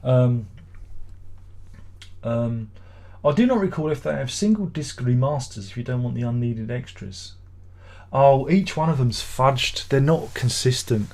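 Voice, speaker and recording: A man's voice: mid-range voice, animated, a little slow, darkish tone. A middle-aged man hosting a casual live stream from home, reading out viewer comments and answering in a rambling, sardonic, grumbling way. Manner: rambling, sardonic and grumbling, with mock-exasperated asides.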